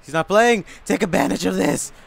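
A man commenting on a video game he is playing. He talks in an excitable way, yells a lot and swears often. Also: high voice, moderate pace, vocal fry. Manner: excitable, yelling and cursing a lot. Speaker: gaming channel host.

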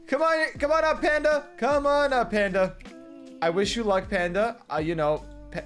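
A man hosting a gaming video, announcing winners in a hyped, shouty way and teasing the players. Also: sits high. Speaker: host. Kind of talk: excited gaming video commentary.

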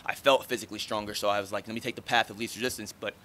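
A man's voice: lowish voice, steady tone, sharp tone, a little hiss or hum. A man in his thirties answering reporters after a fight, blunt, talkative and swearing freely. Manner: blunt, profane, fast and talkative. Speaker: fighter at post-fight press conference. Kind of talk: casual post-fight interview answers.

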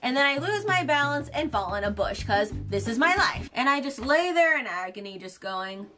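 A young woman with a high, bright-pitched voice tells a storytime tale in a casual, animated way. She is dramatic and quick to shriek or swear, with background music underneath. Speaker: YouTuber telling a story.

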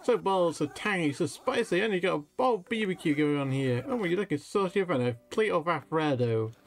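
Sassy female giraffe fashionista, game figure; a man reads her lines, lively pitch, slightly high. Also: fairly quick. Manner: reading game text aloud with flair.

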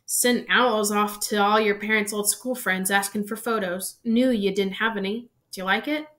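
A woman's voice: medium pitch, fairly even intonation, close to an everyday voice. Hagrid, a woman doing a sobbing giant. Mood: gruff. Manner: sobbing, loud and drawn-out. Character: weeping giant male groundskeeper, big-hearted.

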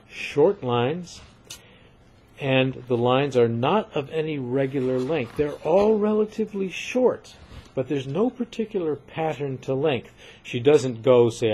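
Slow, deliberate male lecturer. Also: mid-range voice, animated, warm tone, husky. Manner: measured, emphatic, repeats points for students. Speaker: literature lecturer. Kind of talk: recorded lecture.

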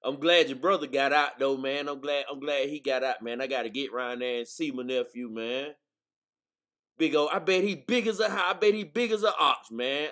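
A man's voice: medium pitch, moderate pace, a bit bright. Laid-back man hosting a chat. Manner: laid-back, repeats "man" often, laughs easily. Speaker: host. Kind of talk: casual livestream chat.

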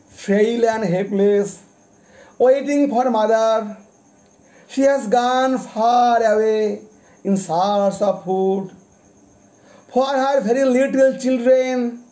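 Very high-voiced man reciting poetry slowly. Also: dark tone. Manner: deliberate, repeats titles and page numbers; explains each poem after reading it. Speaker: poet.

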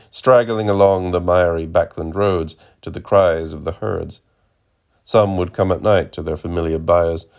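A man narrating a literary novel as an audiobook in a measured, dry way. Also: deep voice, a little mellow.

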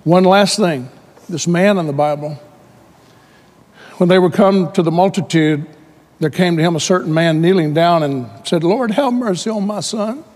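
A man preaching a sermon, telling his own story and swelling to shouts when quoting Bible figures. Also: a little high, fairly even intonation, moderate pace, pauses often, long reverb tail.

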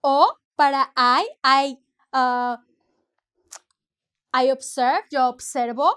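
High-voiced, slow-talking teacher woman. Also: fairly bright tone, clean tone. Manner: patient, explains step by step, mixes English and Spanish. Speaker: Spanish teacher. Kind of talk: language lesson.

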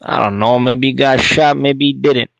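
A man's voice: medium pitch, fairly even intonation, normal speed, creaky, no room sound, muffled recording. A man from Canada calling in to a live chat, laid-back and teasing. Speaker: caller.

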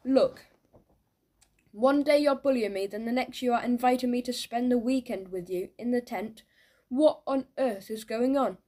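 A woman reading aloud as a hurt, stubborn schoolboy in a children's audiobook, pitched a touch high with a mellow, warm tone. He comes across as indignant and quick to take offence. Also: lightly acted.

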